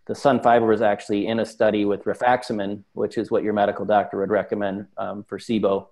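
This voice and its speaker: A man's voice: on the low side, little pitch movement, quick pace, a little mellow. A man speaking as an interview guest in casual chat, talkative and full of fillers. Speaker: supplement company guest.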